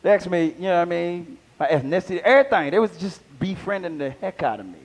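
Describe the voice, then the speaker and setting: A man's voice: high voice, fast. A man performing a live stand-up set, talking back and forth with the crowd. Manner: animated crowd work, talks to audience. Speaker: stand-up comedian. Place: small live venue.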